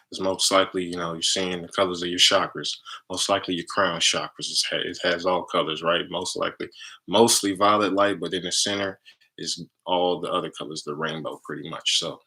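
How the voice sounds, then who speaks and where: A deep-voiced man talks in a loose, chatty way about energy healing and keeps asking "right?" His tone is bright and forceful despite the low pitch. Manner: chatty, tags nearly every phrase with "right?". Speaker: spiritual healer and content creator. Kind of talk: casual promotional monologue.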